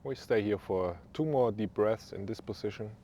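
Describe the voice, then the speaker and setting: A young man with a German accent leading a guided stretching class in a calm, easygoing way with small joking asides. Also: lowish voice, normal speed, slight background noise. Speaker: yoga instructor.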